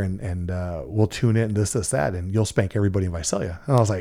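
A man's voice: low-pitched, brisk, hardly any pauses, dark tone. Rambling, profane storyteller man. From Central California. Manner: rambling, profane, lots of fillers and restarts. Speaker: guest telling a story. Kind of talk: casual storytelling chat.

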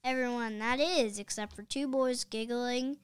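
A woman's voice: on the high side, fairly even intonation, a little slow, clear, resonant tone. Woman reading a children's book aloud. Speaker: reader.

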